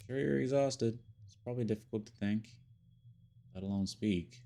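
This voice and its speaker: A man voicing a calm, measured defense lawyer in a video game, reading in a level, earnest way. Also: fairly low pitch, gravelly.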